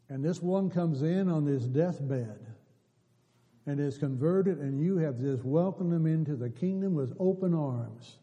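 A man delivers a sermon in a fairly high but dark, mellow voice. He builds his points through repeated, emphatic appeals. His words ring out with a long reverb from the church hall. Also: a little slow, dull audio. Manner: rising to emphatic exhortation, repeating phrases. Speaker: preacher. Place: church sanctuary.

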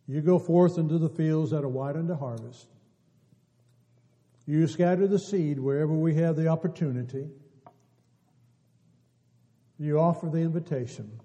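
A man delivers a sermon in a fairly high but dark, mellow voice. He builds his points through repeated, emphatic appeals. His words ring out with a long reverb from the church hall. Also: unhurried, pauses often, lo-fi sound. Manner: rising to emphatic exhortation, repeating phrases. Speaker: preacher. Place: church sanctuary.

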